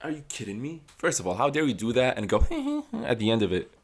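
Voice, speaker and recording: A man's voice: mid-range voice, quick pace. A man giving a casual reaction commentary, gushing and exclaiming often, talking in what he calls a nineties detective way. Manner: excitable, gushing, with frequent exclamations; calls his own English delivery a nineties detective's. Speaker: music reaction YouTuber. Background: song playing in the background.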